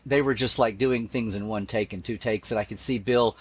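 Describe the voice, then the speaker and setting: A man's voice: lowish voice, fairly even intonation, a little fast, husky, no room sound. A man being interviewed, talking casually and with enthusiasm, often quoting favorite lines and restarting his sentences. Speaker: guest, Star Trek expert.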